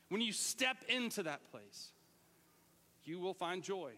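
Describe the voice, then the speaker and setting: A middle-aged man preaching a lively sermon, sometimes shouting out words to show what they mean. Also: sits high, takes it slowly, long reverb tail. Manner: animated, shouts out words to demonstrate. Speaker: pastor.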